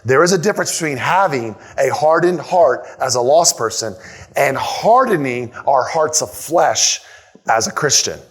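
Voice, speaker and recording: A male pastor preaching a sermon in a church, emphatic, repeating key lines and asking rhetorical questions. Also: fairly high pitch. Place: church sanctuary.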